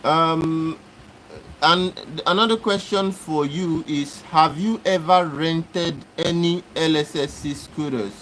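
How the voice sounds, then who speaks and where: A man hosting a live stream, talking back to his chat and repeating himself as he lectures and argues. His voice sits fairly high for a man, with a faint hiss of background noise. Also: slow, a bit bright, rough recording. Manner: argumentative, repetitive, exasperated lecturing. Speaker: livestream host. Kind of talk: live-stream talk answering chat comments.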